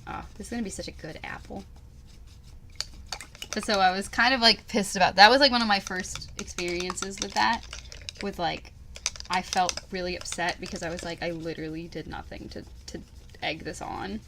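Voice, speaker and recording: Profane, animated young woman telling a story. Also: fairly low pitch, moderate pace, noisy background. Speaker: podcast co-host. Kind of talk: casual chat.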